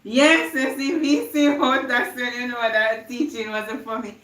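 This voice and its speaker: A woman's voice: on the high side, fairly even intonation, unhurried, fairly bright tone, reverberant, distant mic, rough recording. A young woman with a Jamaican accent giving an earnest inspirational live-stream talk, slipping into patois now and then. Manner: earnest, preachy, slips into patois. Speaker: live-stream motivational speaker.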